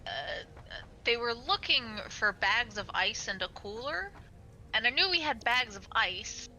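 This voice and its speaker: A young woman co-hosting a gaming video in casual chat, a lively storyteller who laughs often. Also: a little high, a little slow, faint music behind, poor audio. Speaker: gaming channel co-host. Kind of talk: casual chat while playing a game.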